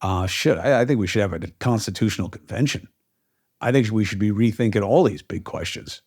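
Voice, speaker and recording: A man's voice: on the low side, brisk, a little mellow. A man hosting a podcast, talking emphatically about his views, with many ums and uhs. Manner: emphatic, frequent fillers. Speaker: podcast host. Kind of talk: opinionated casual talk.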